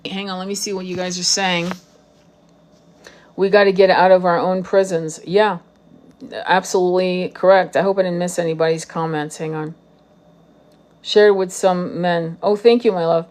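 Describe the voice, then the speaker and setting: A woman streaming live as a tarot reader, speaking bluntly and with plenty of swearing. She is fiery and emphatic, circling back to repeat her points, in a voice of ordinary middle pitch. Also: a little mellow. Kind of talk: live-streamed spiritual talk.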